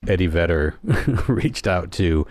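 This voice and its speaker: A man's voice: deep voice, lively intonation, slow pace, darkish tone, dry recording, studio quality. A middle-aged man hosting a podcast, telling stories in a rambling, laid-back way. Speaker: podcast host. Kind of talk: casual chat.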